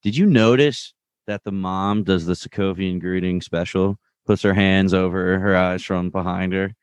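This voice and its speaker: Deep-voiced man recapping a show. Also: steady tone, moderate pace, clear, resonant tone, no echo. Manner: chatty retelling, acts out quoted lines. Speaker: podcast co-host. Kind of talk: casual chat recapping a TV episode.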